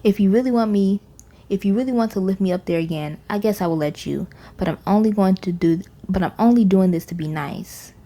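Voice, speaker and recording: A woman's voice: medium pitch, a little fast, mellow, close to an everyday voice. A woman reading the lines of a chatty, whiny little girl in a storybook. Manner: whiny and boastful.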